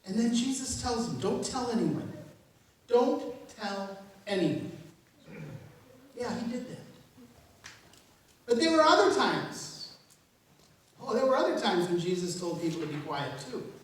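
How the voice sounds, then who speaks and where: A woman pastor in her fifties preaching a sermon in a relaxed, humorous way, laughing along with her own jokes. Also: on the high side, moderate pace, long pauses. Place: church sanctuary. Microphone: distant room mic. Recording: very echoey church from far off.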